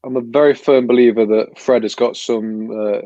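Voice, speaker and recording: A man's voice: medium pitch, steady tone, normal speed, mellow, no room sound, highs cut off. A man on a fan panel video call, rambling in frustration with many restarts. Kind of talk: casual fan panel chat.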